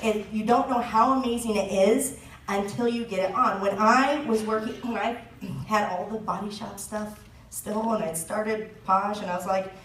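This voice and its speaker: A woman in her thirties leads a sales team training, chatty and full of jokes and laughter. Her middle-pitched voice is caught from some distance, bouncing around a roomy space. A faint ambience sits behind her. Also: fairly even intonation, moderate pace, fairly bright tone, slight background noise. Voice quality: chatty, joking, laughs often. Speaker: direct sales team leader giving a training talk. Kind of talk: chatty live presentation.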